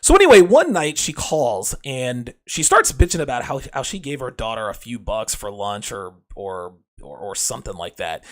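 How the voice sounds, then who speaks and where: A man's voice: medium pitch, a bit bright. A man hosting a show, delivering a brash, crude, lecturing monologue straight to his listeners. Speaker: podcast host.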